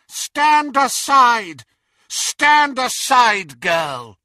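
A man playing a cruel dark wizard who gives slow, cold commands. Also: very high-pitched, sing-song, no echo, studio quality, voice pushed up, heavily acted. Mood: cold commanding.

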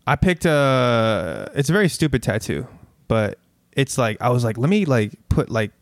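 A man's voice: mid-range voice, sing-song, moderate pace, no echo. Laid-back young man, dry close sound. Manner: laid-back, easygoing storytelling. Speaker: podcast guest. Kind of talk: casual podcast conversation.

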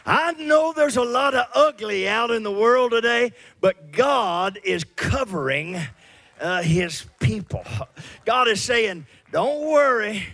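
A man preaching a sermon as a pastor, fervent, repeating words and swinging between loud and soft. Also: sits high, expressive, slow pace, gravelly.

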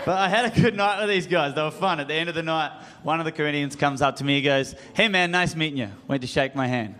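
High-voiced Australian man doing stand-up. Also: fast. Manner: self-mocking, animated storytelling. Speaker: stand-up comedian. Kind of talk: stand-up routine. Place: comedy club stage. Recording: live club with crowd laughter.

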